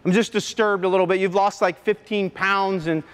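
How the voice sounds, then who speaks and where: A man voicing a concerned young male former player, who speaks gently and pleads, in a lower and softer voice. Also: fairly even intonation, moderate pace, clean tone, natural voice. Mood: pleading. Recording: long hall reverb.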